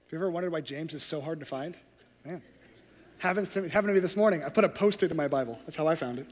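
A man's voice: fairly high pitch, fast talker. A man preaching a sermon as pastor, telling stories and acting out the scenes. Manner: storytelling, acts out scenes. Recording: long hall reverb.

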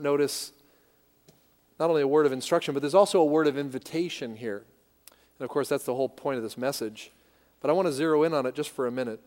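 A man preaching a sermon as pastor, emphatic, repeating key words and asking rhetorical questions. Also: medium pitch. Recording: long hall reverb.

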